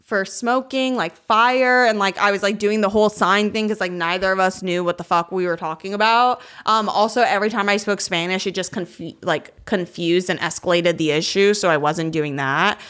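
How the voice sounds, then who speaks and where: A woman's voice: mid-range voice, fairly even intonation, a little fast, a bit bright, clean tone. Young woman, podcast co-host, casual, swears a lot, storytelling. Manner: profane, laughing storyteller. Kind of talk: casual chat.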